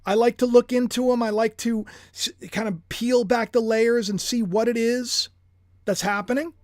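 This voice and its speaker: A man preaching on a livestream in an animated, emphatic way, swinging from hushed lows to near shouts. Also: normal speed, no room sound, clean studio sound. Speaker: preacher streaming live.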